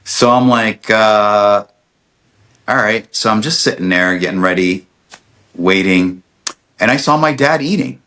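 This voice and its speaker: A middle-aged man with a somewhat low voice tells a story in casual podcast chat. He slips into other people's lines as he goes, and stumbles over restarts along the way. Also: measured pace, pauses often. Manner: animated storyteller, acts out quotes, many restarts. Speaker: podcast guest, dentist.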